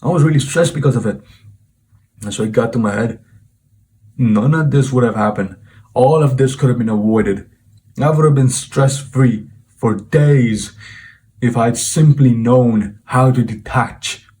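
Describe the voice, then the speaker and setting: A man's voice: mid-range voice, unhurried, long pauses, mellow. A young man, a self-improvement vlogger telling a personal story in an informal, earnest way and often calling the listener "bro". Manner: informal, peppers talk with "bro", reflective and earnest. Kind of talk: casual storytelling monologue to camera.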